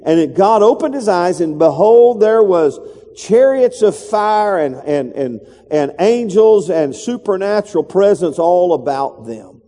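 A male pastor preaching a sermon, getting the congregation to repeat phrases back and jumping into high-pitched voices when he acts out a scene. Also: animated, a little slow, warm tone, in a large hall.

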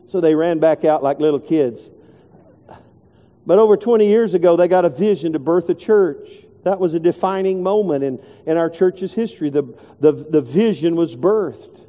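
A middle-aged man, telling a folksy story in a sermon and dropping his voice low when he quotes people. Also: moderate pace, dark tone. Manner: folksy, repetitive, drops voice low when quoting. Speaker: pastor. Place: large church sanctuary. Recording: long echo of a big hall.

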